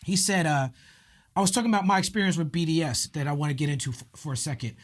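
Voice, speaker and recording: A man hosting an interview who talks in an earnest, deliberate way, with filler pauses. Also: a little high. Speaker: host. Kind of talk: interview conversation.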